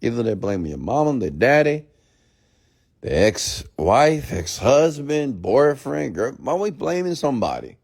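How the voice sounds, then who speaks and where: A man's voice: medium pitch, very animated, unhurried, creaky, a little mellow. A man hosting a late-night live stream, ranting bluntly and profanely at viewers, then answering their questions. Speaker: entrepreneur mentor host.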